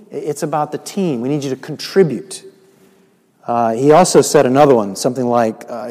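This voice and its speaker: An earnest man preaches a sermon, stretching out key phrases and then speeding up. His voice sits at a middling pitch and rings with the long reverb of a large hall. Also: normal speed. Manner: earnest, varies pace and loudness for emphasis. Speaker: pastor.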